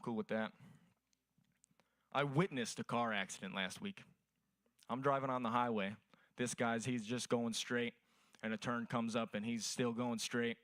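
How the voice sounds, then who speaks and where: A man's voice: medium pitch, steady tone, a little slow, long pauses, a bit bright, dry recording. A young man performing a crude stand-up set at an open mic, telling profane stories. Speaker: stand-up comedian.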